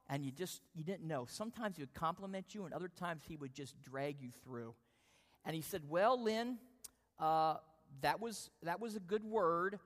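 A man preaching a sermon, telling a lively self-deprecating personal story before drawing the lesson. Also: fairly high pitch. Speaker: pastor. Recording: long hall reverb.

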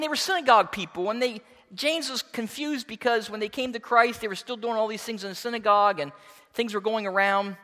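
A man preaching with a high, very lively voice that swoops up and down as he presses his points. His tone is bright and ringing, and a long hall reverb trails after his words. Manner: expressive preaching, emphatic, reads scripture aloud. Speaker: pastor. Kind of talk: sermon.

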